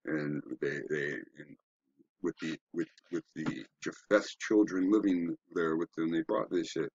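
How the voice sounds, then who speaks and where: A man's voice: rumbling low, fairly even intonation, unhurried, darkish tone, slightly rough, no room sound, dull audio. A man giving a rambling, profane, preachy commentary while browsing web pages, asking rhetorical questions. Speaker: online commentator.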